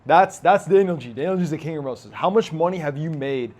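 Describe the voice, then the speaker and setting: A man's voice: fairly high pitch, fast talker, a little mellow. A man hosting a podcast interview in a casual tone, hyping up his guest. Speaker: podcast host.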